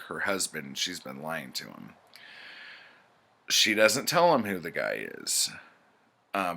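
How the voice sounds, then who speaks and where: A man's voice: deep voice, sharp tone. A man casually recapping pulp stories in a rambling, profane way, with plenty of fillers. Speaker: book reviewer.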